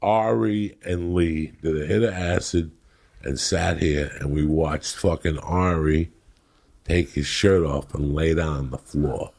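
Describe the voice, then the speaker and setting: A middle-aged man from New Jersey, a comedian host telling loud, crude, rambling stories in casual chat. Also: extremely low pitch, unhurried. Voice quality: gravelly. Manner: loud, rambling and crude, breaking into acted quotes. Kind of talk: profane storytelling chat.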